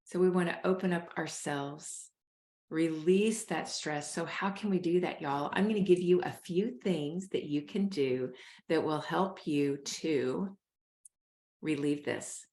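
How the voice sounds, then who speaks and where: A woman's voice: low-pitched, a little slow, darkish tone. A woman, hosting a motivational talk and coaching listeners on stress in an earnest, encouraging way. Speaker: show host and wellness coach. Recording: roomy echo.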